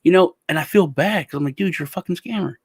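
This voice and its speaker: A man, hosting a crypto show, telling stories in a casual, animated way with lots of swearing. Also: high-pitched, fast, breathy edge, no room sound, studio quality. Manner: animated, profane ranting storyteller. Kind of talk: casual chat.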